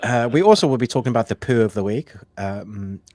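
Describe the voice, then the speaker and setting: A man's voice: medium pitch, expressive, a little fast, darkish tone, no room sound. A man co-hosting a live movie stream from home, talking casually in a rambling way, full of fillers and restarts. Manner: rambling, filler-heavy, self-correcting. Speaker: co-host of a live movie show.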